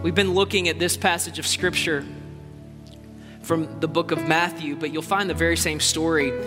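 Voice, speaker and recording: A man preaching a sermon with passion, moving between loud exclamations and quiet asides. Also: on the high side, fairly even intonation, moderate pace. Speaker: pastor. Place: large church hall. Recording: long hall reverb with faint music.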